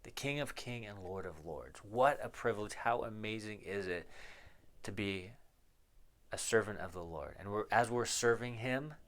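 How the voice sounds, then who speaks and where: A man's voice: on the low side, animated, normal speed, a bit bright. A man teaching a Bible passage verse by verse as a pastor, reading each verse aloud, explaining it and asking the listeners questions. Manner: asks the listeners rhetorical questions; reads verses aloud, then explains them.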